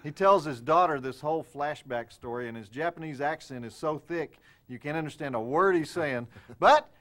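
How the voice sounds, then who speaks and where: A man with a Southern US accent hosting a talk show, teasing his guest with deadpan jokes. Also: fairly high pitch, normal speed. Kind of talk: comedic talk show banter.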